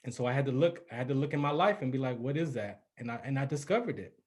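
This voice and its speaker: Fast and animated, with a mid-range, slightly mellow voice, this Californian radio personality in his forties tells a personal story on a podcast. He's earnest and emphatic in the casual exchange and dramatizes the voices he quotes.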